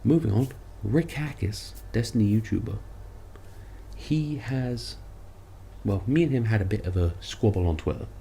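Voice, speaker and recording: Deep gravelly man, sarcastic rant. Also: normal speed, mellow, slight background noise. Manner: sarcastic, rambling, self-mocking. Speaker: content creator. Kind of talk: ranting commentary vlog.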